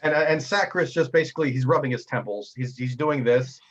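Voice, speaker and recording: A man's voice: mid-range voice, a little fast, lo-fi sound, noisy background. A man narrating a tabletop role-playing game as game master, with frequent restarts and fillers.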